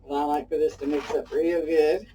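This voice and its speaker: A middle-aged Southern woman from Texas hosts a homey cooking demo, calling her viewers "y'all" and drifting into chatty stories. Her voice is mellow and warm. It sits at a slight distance from the microphone. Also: deep voice, fairly even intonation, normal speed, a little hiss or hum. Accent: Texan Southern. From Pasadena, Texas. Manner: folksy and talkative, addresses viewers as y'all. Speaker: cooking show host.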